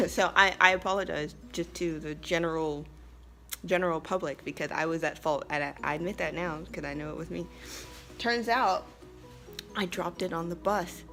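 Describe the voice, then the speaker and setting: A young woman from the United States tells a story to her vlog audience in a chatty, emphatic way, laughing often. Her voice sits low for a woman. Soft music plays faintly underneath. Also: moderate pace. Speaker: vlogger and English teacher abroad.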